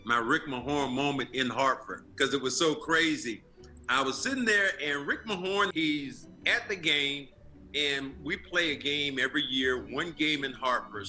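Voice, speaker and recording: A former basketball player telling a favorite anecdote in an excitable way. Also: male voice, fairly high pitch. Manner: lively, excitable. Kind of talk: storytelling anecdote.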